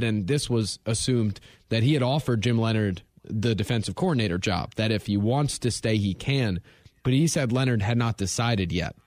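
Measured, lower-voiced radio co-host man. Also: a little mellow, no room sound. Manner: measured, factual explainer. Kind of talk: sports radio discussion. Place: radio studio.

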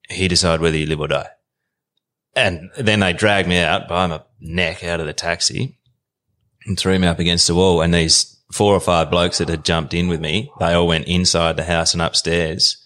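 An Australian man in his thirties, a podcast guest telling an animated story in casual slang. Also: deep voice. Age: 30s. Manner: animated, colloquial yarn-spinner.

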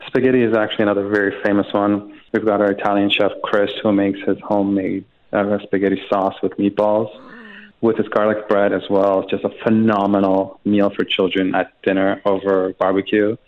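A man speaks as a guest on a radio show, his voice sitting a bit low. He explains at an easy, relaxed pace, and he comes through a thin, tinny phone line. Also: normal speed. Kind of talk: casual radio interview.

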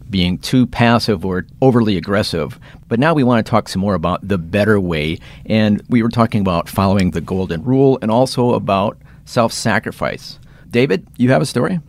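A man hosting a radio talk show with a smooth, friendly delivery. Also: fairly low pitch, animated, a little fast, darkish tone. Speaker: radio host.

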